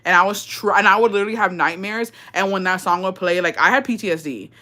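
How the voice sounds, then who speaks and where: At a quick pace and medium pitch, a young livestreamer tells viewers an animated story packed with profanity, peppering it with Spanish phrases.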